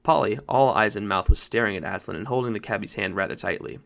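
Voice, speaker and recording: A man narrating a children's novel in a measured storytelling read. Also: on the low side, creaky. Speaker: audiobook reader. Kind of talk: audiobook narration.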